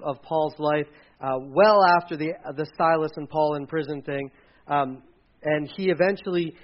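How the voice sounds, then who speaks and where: A male pastor gives a church sermon, telling stories with animation and acting out the quotes. His voice is fairly high, and the audio sounds dull.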